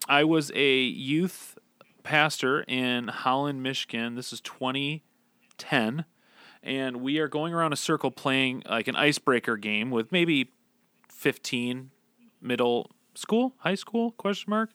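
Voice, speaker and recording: A man's voice: mid-range voice, unhurried, bright, forceful tone, clean tone, no room sound. A man in his thirties, a podcast co-host telling a story in casual chat, with a chuckle and many fillers.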